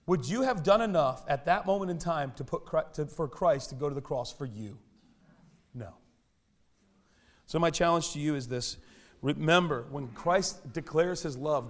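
A man delivers a sermon in a church, his voice sitting a little higher than most. He preaches in a lively, conversational way, often joking at his own expense. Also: normal speed. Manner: animated, conversational preaching with self-deprecating humor. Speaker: pastor. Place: church sanctuary.

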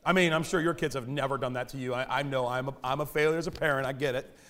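A man preaching a sermon in a church, animated and conversational, with self-deprecating humor. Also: mid-range voice, fast talker, slight background noise. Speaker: pastor. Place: church sanctuary.

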